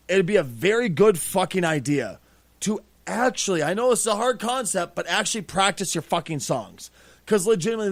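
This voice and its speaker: A middle-aged man tells a story on a podcast, loose and full of swearing. His voice sits high for a man and swings widely as he acts out quotes. The sound is dry and close. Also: no room sound. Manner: profane, animated, acts out quotes. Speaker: podcast host. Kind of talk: casual storytelling.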